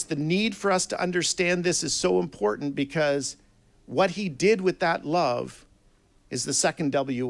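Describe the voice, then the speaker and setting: Gravelly earnest male preacher. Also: fairly high pitch. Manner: earnest, reads scripture aloud, swings from quiet to loud emphasis. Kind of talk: sermon.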